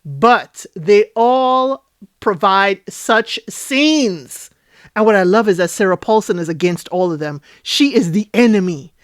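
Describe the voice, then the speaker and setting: A woman hosting a casual TV recap and review, chatty and animated, talking straight to her viewers. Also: mid-range voice, a little slow, dry recording, clean studio sound. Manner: chatty, animated, addresses viewers directly, frequent "you know" and "okay?". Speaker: TV recap host.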